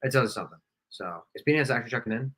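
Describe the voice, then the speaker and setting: Blunt, bright-voiced man venting. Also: medium pitch, animated, very fast, breathy edge. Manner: blunt and frustrated, swears freely. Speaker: watch party co-host. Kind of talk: casual live game chat.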